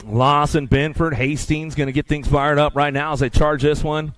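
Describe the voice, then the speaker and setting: A man's voice: a little high, steady tone, moderate pace, fairly bright tone, smooth, no room sound. A man calling live races as the announcer, rattling off play-by-play and bantering with the crowd. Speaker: race announcer. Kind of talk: live race commentary.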